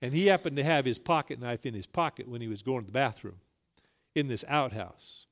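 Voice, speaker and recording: A man's voice: medium pitch, brisk. A middle-aged male pastor preaching a sermon, telling a folksy story and rising emphatically on key points.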